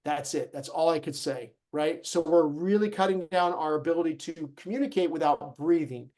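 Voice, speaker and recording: A man teaching a live online fitness class, talking straight to his group in an energetic, encouraging way. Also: on the high side, moderate pace. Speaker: fitness instructor.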